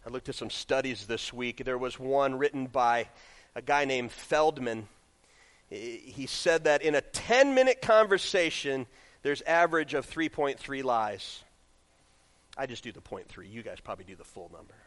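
Animated pastor with a lively voice. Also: male voice, mid-range voice, normal speed. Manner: animated storytelling, swings from loud scripture reading to quiet asides. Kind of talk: sermon. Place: church sanctuary.

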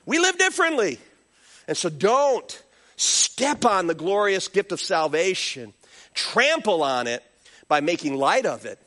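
A man's voice: high voice, unhurried. A male pastor preaching a sermon, calling on the congregation to respond and acting out little voices as he goes. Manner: animated preaching with call-and-response and acted-out voices.

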